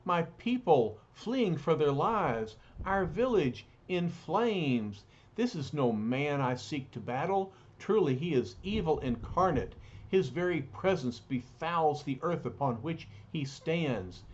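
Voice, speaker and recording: A man's voice: fairly high pitch, expressive, takes it slowly, few pauses. A man voicing a proud young male warrior prince from a comic book, speaking in formal, solemn declarations. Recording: dull lo-fi recording.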